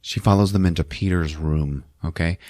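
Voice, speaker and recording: A man hosting a podcast who recaps a movie in an animated, profane, casual way on a close mic. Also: low voice, normal speed, no room sound. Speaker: podcast host.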